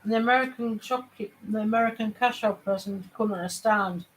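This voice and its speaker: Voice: mid-range voice, fairly quick, slight background noise, low-quality recording. A vlogger from Sunderland with a northeast English accent, chatting casually and telling stories full of restarts. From Sunderland, northeast England. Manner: rambling storyteller, many restarts. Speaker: family channel vlogger. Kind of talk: casual chat.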